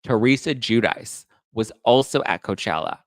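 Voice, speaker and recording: A man hosting a casual celebrity gossip show, talking in a campy, shade-throwing way with quick asides. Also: mid-range voice, lively intonation, no echo, clean studio sound. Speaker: podcast host.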